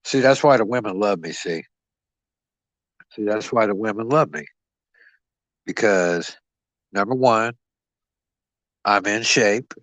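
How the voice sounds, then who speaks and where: A man's voice: on the low side, lively intonation, slow, long pauses, a bit bright, no echo, poor audio. A man rambling and boasting as he stands in as host of a boxing live stream, swearing freely and talking to his chat.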